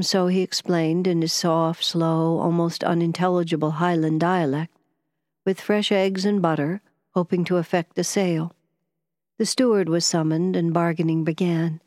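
A woman reads an audiobook with measured, expressive storytelling. Her voice sits lowish, and the studio recording is clean with no echo.

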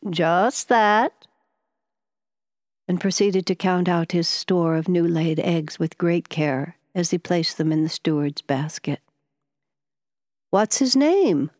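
Narrating an audiobook, a woman speaks in a lowish voice with measured, expressive storytelling. The recording is dry and has a clean studio sound.

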